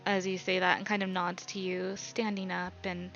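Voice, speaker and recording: A woman narrating as dungeon master of a live-streamed tabletop game, halting and full of ums, in a slightly dull lo-fi recording. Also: fairly low pitch, little pitch movement, fairly bright tone, faint music behind. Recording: slightly dull lo-fi sound with faint noise.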